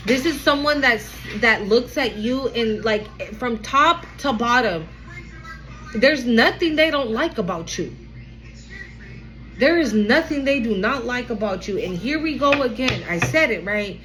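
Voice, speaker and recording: A woman's voice: fairly high pitch, lively intonation, measured pace, bright, forceful tone, soft background music, poor audio. A woman giving a casual, emphatic tarot reading, chatting freely and swearing as she passes on messages. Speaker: tarot reader.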